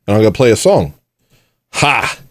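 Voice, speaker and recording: A man's voice: fairly low pitch, very animated, moderate pace, dry recording, studio quality. A man hosting a livestream, talking bluntly and rambling in a self-mocking way. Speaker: livestream host. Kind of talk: casual livestream rant.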